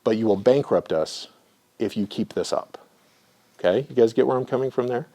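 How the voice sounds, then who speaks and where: A man's voice: mid-range voice, moderate pace, dark tone. A middle-aged man, a clinical supervisor, giving a conversational lecture full of personal stories and often checking in with his audience.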